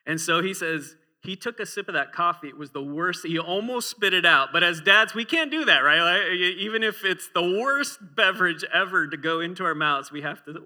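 A man's voice: sits high, expressive, fairly quick, few pauses, pushed and bright. A man in his forties preaching a sermon in a church, conversational and humorous, often asking the congregation questions.

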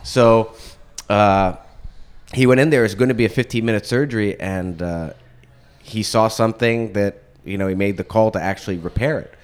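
A man in casual conversation, telling a personal story in an animated way and laughing often. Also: on the low side, moderate pace, clear, resonant tone. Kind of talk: casual chat.

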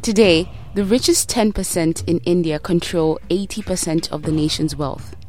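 A woman's voice: on the low side, moderate pace, a little mellow, soft background music. A woman from Kenya hosting a podcast, upbeat and inviting as she introduces the show. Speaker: podcast host.

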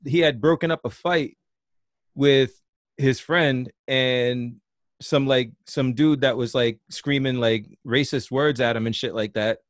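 A man's voice: mid-range voice, no room sound. A male co-host retells a story in a loose, slangy manner, cursing now and then. His mid-range voice sits close and dry with no room sound. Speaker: podcast co-host. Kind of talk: casual storytelling.

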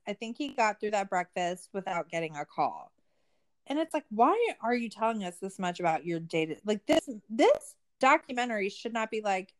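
Sarcastic, profane woman recapping. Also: mid-range voice. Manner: profane, sarcastic, frequent "like" fillers. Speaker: podcast co-host. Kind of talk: casual true-crime recap chat.

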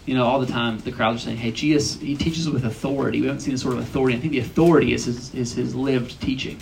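Young male retreat speaker, relaxed conversational sermon, gravelly tone, slight background noise. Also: mid-range voice, quick pace, poor audio. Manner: chatty, asks the audience questions.

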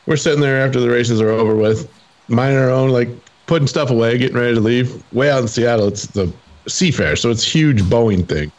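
A man's voice: medium pitch, fairly quick. Easygoing racing guy telling a story, bit muffled. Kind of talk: casual storytelling. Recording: slightly muffled audio.

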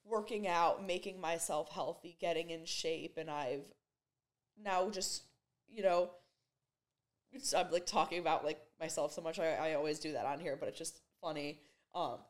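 A young woman in her twenties speaks to the camera in her bedroom for a personal vlog. Her voice sits a little low, and her emotional, halting delivery is full of fillers and restarts. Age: 20s. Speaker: vlogger. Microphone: camera mic.

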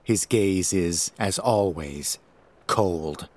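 A man narrating a first-person horror story in a measured, grave way. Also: low-pitched.

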